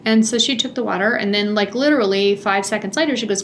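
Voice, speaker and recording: A woman's voice: medium pitch, fast, a little hiss or hum. Chatty middle-aged woman telling a story. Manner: chatty, animated, laughing often. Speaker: podcast host. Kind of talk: personal storytelling monologue.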